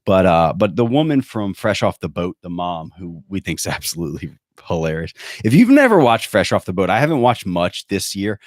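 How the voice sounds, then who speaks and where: A man's voice: deep voice, no room sound, clean studio sound. A man hosting a podcast, ranting in a sarcastic, profane, rambling way. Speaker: podcast host. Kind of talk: casual comedic rant.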